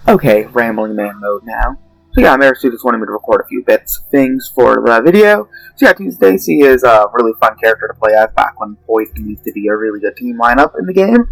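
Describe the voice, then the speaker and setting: A man's voice: mid-range voice, animated, brisk, gravelly, no room sound, faint music behind, low-quality recording. A man reading a character rundown in a dramatic, theatrical way with playful asides, then slipping into casual chat. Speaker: guest narrator.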